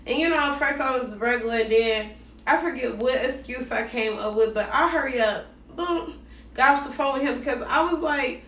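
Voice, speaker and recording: Woman, casual storytime vlogger, animated slang delivery, slightly high voice; roomy recording with the mic at some distance. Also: normal speed. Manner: animated, slangy, acts out both sides of conversations. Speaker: vlogger telling a dating story. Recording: roomy echo, voice set back from the mic.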